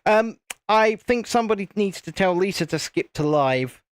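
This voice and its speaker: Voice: mid-range voice, animated, normal speed, clean tone. A host chatting casually on a live stream while building, rambling and repeating phrases.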